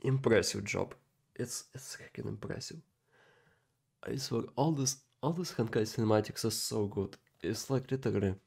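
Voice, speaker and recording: A man giving casual reaction commentary on an animated video, excitable and emotional, repeating words in halting, non-native phrasing as he talks to his viewers. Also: fairly low pitch, vocal fry, breathy edge. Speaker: anime reaction video host.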